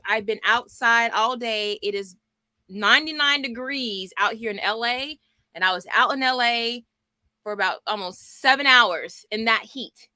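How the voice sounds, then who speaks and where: A middle-aged woman from Texas hosting a homeschool book club livestream from her small home office, lively and chatty, greeting viewers by name. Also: fairly high pitch, no echo. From Texas, US South. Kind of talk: casual livestream book chat. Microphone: desk mic.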